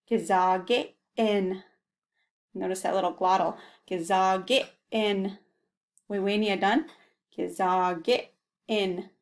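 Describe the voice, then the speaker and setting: A woman teaching a language lesson in a gentle, explanatory way, sounding out each word slowly syllable by syllable. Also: mid-range voice. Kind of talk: slow, patient language lesson.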